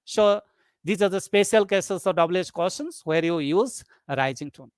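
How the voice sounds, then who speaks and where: Slow webinar lecturer drilling example lines twice, mid pitch, dry close sound. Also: smooth, no echo. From South Asia. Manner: slow, repeats each example sentence twice.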